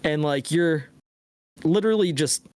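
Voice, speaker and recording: A man's voice: a little high, measured pace, a little mellow, clean tone. A man co-hosting a gaming podcast, animatedly retelling his own reactions with a lot of swearing. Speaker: podcast co-host. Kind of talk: casual gaming chat.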